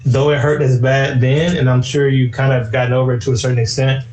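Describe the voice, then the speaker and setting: A man hosting a casual live-stream interview, relaxed and chatty, often saying "you know" and "man". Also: medium pitch, fairly quick, reverberant, soft background music, poor audio. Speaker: host.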